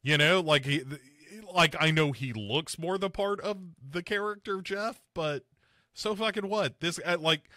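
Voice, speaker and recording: Animated male podcast host, bright tone. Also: a little slow, no room sound, clean studio sound. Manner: animated, swings pitch up to mock and mimic film characters. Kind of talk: casual chat reviewing a film.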